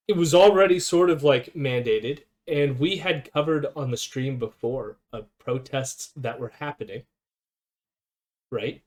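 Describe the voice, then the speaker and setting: A man hosting a casual political commentary stream, sarcastic and quick to laugh. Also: on the high side. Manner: sarcastic, laughs often, mocks quoted voices. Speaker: streamer host.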